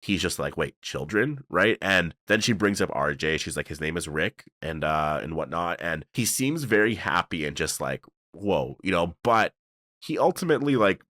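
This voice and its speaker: A man with a very low voice talks through a TV episode review. He rambles and leans on fillers, excitable but loose. The sound is dry and close. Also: moderate pace, no echo. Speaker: show reviewer. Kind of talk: casual video breakdown.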